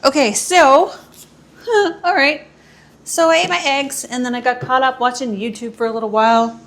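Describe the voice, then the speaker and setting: A woman with a high, steady, fairly bright voice talks at a normal speed. She's a housewife vlogging at home while she cleans, rambling and poking fun at herself into a camera mic as she moves between the house and the yard.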